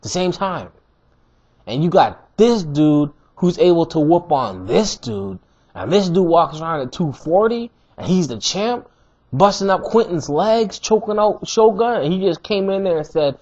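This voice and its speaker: Husky slangy man ranting about fights. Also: high voice, a little slow. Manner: animated, slangy, emphatic repetition. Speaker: MMA commentator. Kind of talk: casual fight review rant. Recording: dull lo-fi recording.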